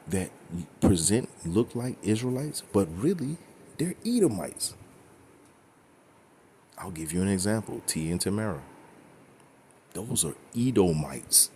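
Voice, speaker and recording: A man's voice: lowish voice, very animated, moderate pace, dark tone, a little hiss or hum. A man teaching scripture in a blunt, profane, emphatic way, often checking in with "okay?" and "right?". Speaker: religious teacher.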